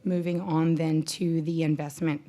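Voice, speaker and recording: A woman's voice: sits low, flat delivery, moderate pace, dark tone. A woman, a county treasurer, methodically walking commissioners through a financial report with small self-corrections. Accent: Texan. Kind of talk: presenting a financial report at a public meeting.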